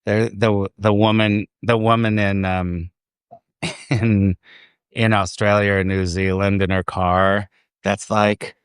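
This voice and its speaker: A man's voice: on the low side, level tone, a little slow, smooth, no echo. A man hosting a casual livestream outdoors in a park, rambling, easily distracted and laughing often. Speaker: livestream host. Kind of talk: casual chat. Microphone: phone.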